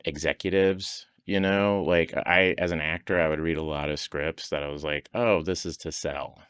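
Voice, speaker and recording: A man's voice: very deep voice, fairly even intonation, moderate pace, a bit bright, clear, resonant tone, no echo, studio quality. A man on a podcast telling stories in casual conversation, laughing often and acting out the voices of people he quotes. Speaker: podcast guest.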